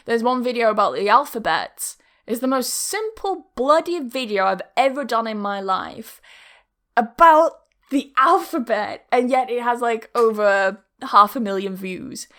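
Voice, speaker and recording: A woman's voice: mid-range voice, a bit bright. A woman hosting her own podcast, talking candidly and casually as an online English teacher, with the odd swear word and plenty of "like". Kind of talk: casual solo podcast talk. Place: home setup filmed on camera.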